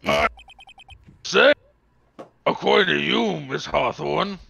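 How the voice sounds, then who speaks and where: Man doing a crackly gravelly old judge, raised and stately, game dub. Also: sits high, expressive, slow, sharp tone, heavily acted.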